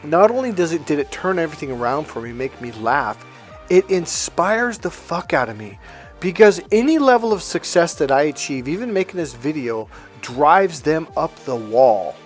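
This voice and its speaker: A man's voice: on the high side, very animated, normal speed. Blunt, profane middle-aged man with music. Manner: blunt and profane, acts out family quotes. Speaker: self-help coach. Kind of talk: casual monologue to camera.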